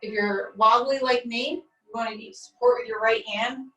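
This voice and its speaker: A woman's voice: on the high side, normal speed. Woman leading stretches, distant and echoey. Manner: calm step-by-step cueing. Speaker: stretching instructor. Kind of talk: guided stretching class. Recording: echoey room, distant mic, faint music.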